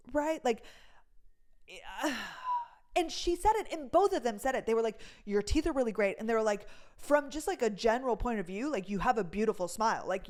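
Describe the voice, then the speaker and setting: A young woman vlogger telling a story in casual chat, full of fillers and swearing, acting out what others said. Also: fairly high pitch.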